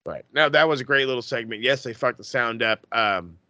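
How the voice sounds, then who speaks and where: A man's voice: medium pitch, a little fast, sharp tone, no room sound, lo-fi sound. A man with an ordinary middle-range voice rants on a podcast, cursing freely and building up steam as he goes. The sound is dry and close, with no room around it. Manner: profane, fired-up ranting. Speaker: podcast host. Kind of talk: casual wrestling podcast rant.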